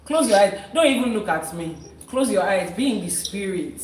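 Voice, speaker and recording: A woman's voice: mid-range voice, expressive, moderate pace, a little mellow, a little hiss or hum. A woman leading a live-streamed spiritual session as an Ifa priestess, coaxing and teasing her guest and chanting prayers. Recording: roomy sound from a distant mic.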